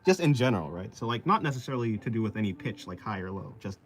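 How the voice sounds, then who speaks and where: A man's voice: very animated, quick pace. A man from the East Coast of the United States, chatting playfully with livestream viewers while he draws. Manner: playful and jokey, slips into silly squeaky voices. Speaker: art streamer. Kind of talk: casual chat with livestream viewers while drawing.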